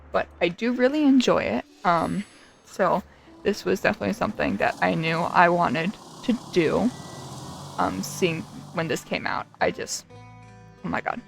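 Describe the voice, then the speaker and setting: Young woman, giddy gameplay commentary, gushing, repeats herself, gravelly vocal fry. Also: lowish voice, rough recording. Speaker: gaming video creator. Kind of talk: excited casual gameplay commentary.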